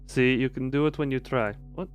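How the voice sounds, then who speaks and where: A man's voice: mid-range voice, steady tone, brisk, highs cut off, faint music behind. A young man streaming a horror visual novel, reading the text aloud and cutting in with dry jokes. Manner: dry, joking commentary between narration.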